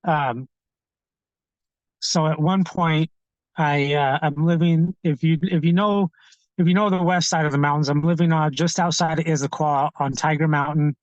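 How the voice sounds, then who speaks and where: A middle-aged man, a podcast guest, tells his personal story candidly in a halting way, with frequent restarts and fillers. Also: fairly high pitch, steady tone, dry recording, dull audio.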